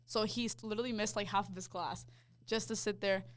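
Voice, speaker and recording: A young woman talks through a personal faith story in a loose, chatty way. Her voice sits at an ordinary middle pitch, and she leans on casual fillers as she recounts each step with real feeling. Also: fairly even intonation, fast. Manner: heartfelt storytelling, full of "like" fillers. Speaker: podcast co-host sharing her testimony. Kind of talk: casual chat.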